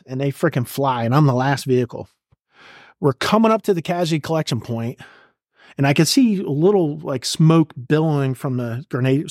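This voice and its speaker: A middle-aged retired army sergeant major, speaking at medium pitch, tells intense combat stories as a guest on a podcast interview. He's blunt, profane and vivid, acting out shouted orders, in a clean studio recording with no room sound.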